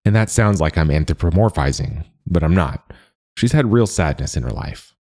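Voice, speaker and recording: A man voicing a brisk, wry older blind man who sells pills, often repeating his words. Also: deep voice, expressive, warm tone. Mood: somber.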